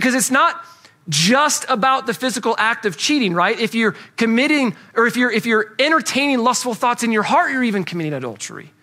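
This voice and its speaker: Bright-voiced man preaching a sermon. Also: high-pitched. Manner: earnest, repeats key lines for emphasis. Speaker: pastor.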